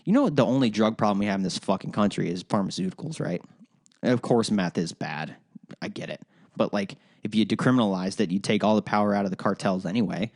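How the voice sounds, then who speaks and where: A man's voice: fairly low pitch, quick pace, a little mellow. A man hosting a solo podcast, ranting in a rambling, profane way with frequent restarts. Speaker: podcast host.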